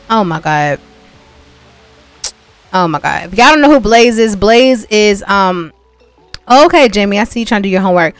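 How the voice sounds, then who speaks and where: A young woman chats her way through a gameplay session, speaking straight to her audience in an easy, mid-pitched voice. She slips into exasperated asides when things go wrong. Faint game music plays beneath her. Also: lively intonation, moderate pace, pauses often. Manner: chatty, talks straight to viewers, exasperated asides. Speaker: gameplay vlogger. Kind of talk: casual gameplay commentary.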